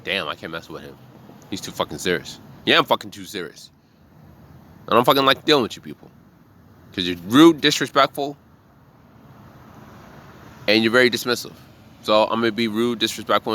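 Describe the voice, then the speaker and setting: A man who works as a bartender, giving a blunt, profane, animated monologue about trusting your gut. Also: on the low side. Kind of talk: casual motivational monologue.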